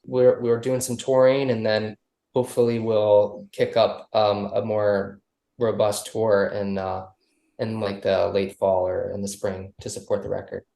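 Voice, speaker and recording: A musician guesting on a casual podcast interview speaks in a fairly low, mellow voice with vocal fry, flat and unhurried. His talk is loose and rambling, full of restarts, and the recording carries a roomy echo.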